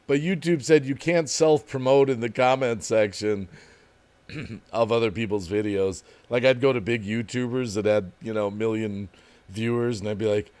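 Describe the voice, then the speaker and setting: A man's voice: mid-range voice, a little slow, a little mellow. A man hosting a casual livestream, reading viewer comments aloud, chatting and laughing often. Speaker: livestream host.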